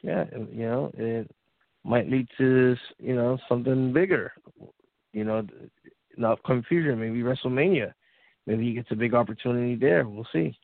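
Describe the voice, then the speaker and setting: A man's voice: medium pitch, normal speed, gravelly, dry recording. A man co-hosting a casual sports talk show, easygoing and agreeing. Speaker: podcast co-host. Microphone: phone call. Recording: tinny phone line, dry.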